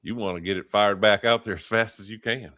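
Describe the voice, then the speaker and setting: A man's voice: fairly low pitch, fairly even intonation, a little fast, fairly bright tone, dry recording. A man, a guest in casual chat, joking and laughing often. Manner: jokey, laughs a lot.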